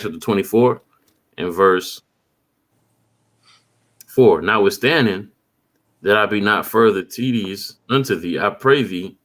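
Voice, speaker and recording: A man's voice: fairly low pitch, a bit bright. A man preaching and reading scripture aloud, asking rhetorical questions and tagging his lines with "man.". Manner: reads verses slowly, asks rhetorical questions, tags lines with "man". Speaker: street preacher.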